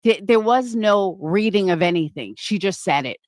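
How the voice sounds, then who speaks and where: A woman's voice: mid-range voice, lively intonation, moderate pace, darkish tone, no room sound, clean studio sound. Profane, furious woman livestream host. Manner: profane, confrontational, repeatedly calling someone out. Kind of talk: heated livestream rant.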